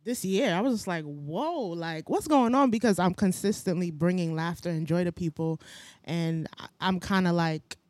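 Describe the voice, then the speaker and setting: A woman comedian with Jamaican parents, chatting casually on a podcast in a playful, animated way. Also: on the low side, normal speed, no echo. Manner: animated, laughs often, playful. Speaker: comedian and content creator.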